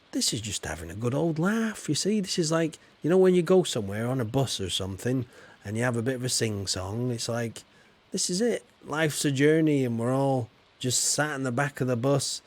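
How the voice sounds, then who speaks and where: This is casual live-stream chatter from a man playing a game, rambling and chatty with plenty of fillers. He speaks at a medium pitch with a slightly mellow tone.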